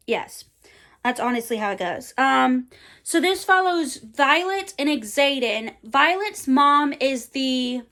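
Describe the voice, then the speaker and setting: This book vlogger in her twenties has a high voice with a fairly bright tone. Her chat about favorite books is relaxed and a little rambling, full of fillers and playful slang.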